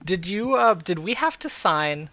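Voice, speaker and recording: A man co-hosting a podcast in casual chat, joking and quick to laugh. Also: sits high, animated, bright, forceful tone, no echo. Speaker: podcast co-host.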